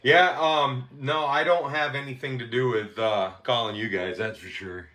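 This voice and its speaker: Brief: man, northern US accent, relaxed but hesitant, bright voice. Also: mid-range voice, moderate pace. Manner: easygoing, hesitant, laughs a little. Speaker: truck driver.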